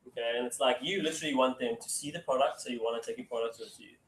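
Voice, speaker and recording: A man's voice: medium pitch, steady tone, very fast, hardly any pauses. A man giving a casual sales training talk to a room. He keeps saying "okay" and acts out phone calls. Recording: echoey room, mic from far off.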